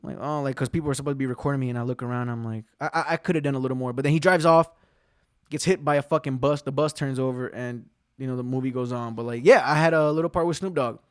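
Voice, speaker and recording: A man hosting his own podcast, telling rambling, profane stories in a casual, excitable way. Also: mid-range voice, fast talker, clear, resonant tone, no echo, studio quality. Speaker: podcast host. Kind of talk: casual solo podcast storytelling.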